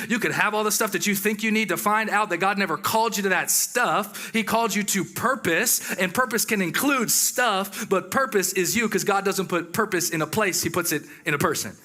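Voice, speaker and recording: A man preaching a sermon in a lively, conversational way, with exclamations and asides to the congregation. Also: sits high, fairly quick, few pauses.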